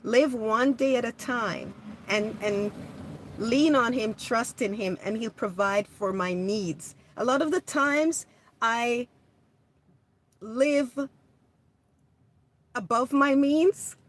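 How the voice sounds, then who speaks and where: Casting: woman, livestream host, gentle and slow-paced, slightly high voice, faint noise behind. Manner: gentle, warm-hearted, hesitant with restarts. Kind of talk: casual livestream chat reading comments.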